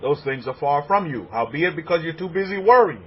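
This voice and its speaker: A man preaching a sermon as a rabbi, animated and repetitive. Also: a little high, brisk, highs cut off, a little hiss or hum. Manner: animated preaching, acts out congregants' voices.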